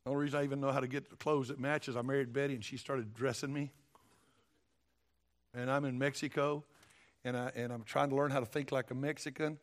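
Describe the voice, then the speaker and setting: A man's voice: mid-range voice, fairly even intonation, fairly quick. A middle-aged man, preaching a sermon in a folksy, emphatic way and repeating his phrases. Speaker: pastor.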